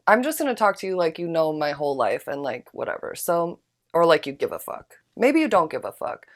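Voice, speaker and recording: Low-voiced, laid-back woman podcast host. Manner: slangy, profane, laid-back, laughs often. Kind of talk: casual solo podcast chat with guided breathing.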